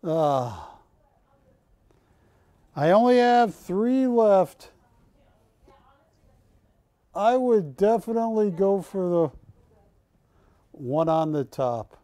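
A man's voice: sits high, big pitch swings, very slow, long pauses, dark tone, no echo. A man hosting a live shopping channel, joking with the crew and counting prices down. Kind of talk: live TV sales pitch and banter.

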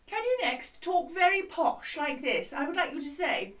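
A woman who is a music teacher, leading a lively children's music lesson from a hut, with a bright, encouraging, sing-song way of talking. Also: very high voice, moderate pace. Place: outdoor classroom hut. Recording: slightly distant mic with music behind.

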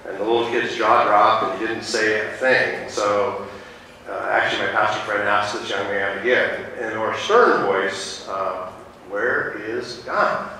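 A male pastor delivers a storytelling sermon, wandering through his points with frequent fillers and restarts. His voice is mid-pitched and bright. He is picked up from a distance in a very echoey sanctuary, with faint noise behind. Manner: rambling, with many fillers and restarts. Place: church sanctuary. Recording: distant mic in an echoey church.

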